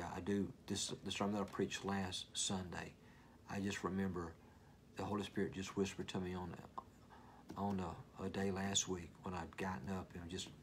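A man preaching a sermon as pastor, reading scripture with rising force and dropping to soft, near-whispered lines. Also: low voice, slight background noise.

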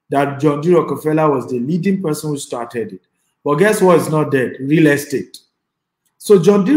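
Emphatic Nigerian man lecturing in an echoey room. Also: on the high side. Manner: emphatic, repetitive, urging the audience to type. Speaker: real estate investor and trainer. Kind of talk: online class lecture.

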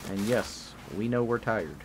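Man, headset mic, gameplay commentary, swears a lot, excitable, noisy game audio behind. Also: lowish voice, measured pace. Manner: swears often, excitable reactions. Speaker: gaming channel host.

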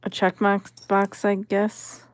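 A woman's voice: medium pitch, completely flat delivery, slow pace, dry recording. A woman vlogger giving casual commentary as she sorts vintage jewelry, musing and appraising each piece aloud.

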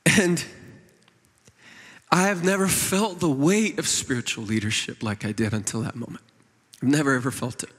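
At a church conference in a large hall, a middle-aged worship leader with a mid-range, fairly bright voice preaches at a moderate pace, pausing often. He tells a personal story earnestly, tenderly and emotionally, with many fillers and restarts, and the hall adds long reverb.

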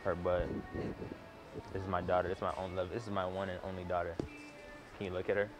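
A man hosting a prank video, talking in loud, slangy, playful bursts and laughing often. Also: low-pitched, flat delivery, fast talker, over music. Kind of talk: hidden-camera prank banter.

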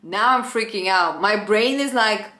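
A woman's voice: mid-range voice, a little slow. Woman, dramatic casual vlog storytelling, echoey room. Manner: animated, dramatic retelling with acted-out quotes. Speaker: former flight attendant. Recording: roomy echo with faint background music.

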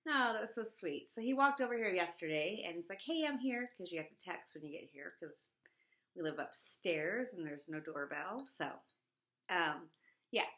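A middle-aged woman chatting casually at home, animated, jumping into a high voice when she quotes people. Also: normal speed, reverberant. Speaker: vlogger. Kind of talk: casual chat.

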